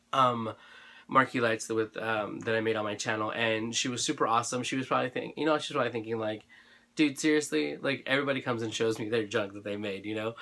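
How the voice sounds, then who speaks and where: A man's voice: mid-range voice, bright, forceful tone. A man chatting casually to camera about his craft supplies, gushing and rambling with lots of fillers and restarts, his throat a little dry. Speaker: craft channel vlogger.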